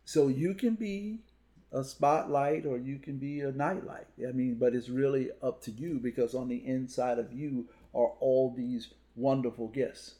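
In an unhurried podcast conversation, a man with a medium-pitched, dark voice and fairly even intonation tells stories and hammers home punchy repeated lines. He works as a motivational speaker at schools.

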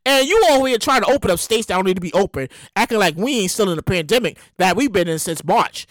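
A woman with a New York accent hosting a casual commentary show, animated and emphatic, slangy, repeating her points. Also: mid-range voice, quick pace, no room sound. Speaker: show host.

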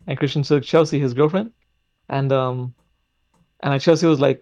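A man's voice: medium pitch, fairly even intonation, moderate pace, long pauses, a little mellow, no echo, muffled recording. A young man hosting a podcast, telling a story in a rambling, casual way full of fillers and swearing. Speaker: podcast host. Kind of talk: casual chat.

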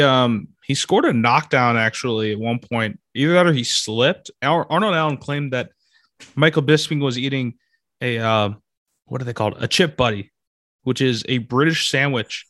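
A young man hosting a casual podcast, chatty and quick to laugh. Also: medium pitch, no echo, clean studio sound. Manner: chatty, giggly, lively. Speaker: podcast host. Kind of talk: casual chat.

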